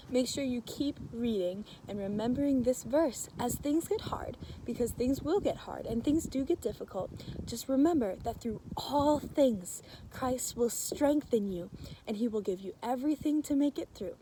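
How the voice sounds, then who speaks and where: A woman's voice: fairly high pitch, expressive, normal speed, warm tone, a little hiss or hum. A woman teaching a children's scripture lesson, upbeat and encouraging as she talks to the kids.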